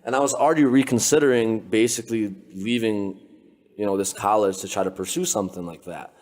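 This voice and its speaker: A young man, a podcast guest, telling a story in a loose, animated way, full of filler words. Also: on the low side, a little fast. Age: young adult. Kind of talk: casual storytelling. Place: his apartment.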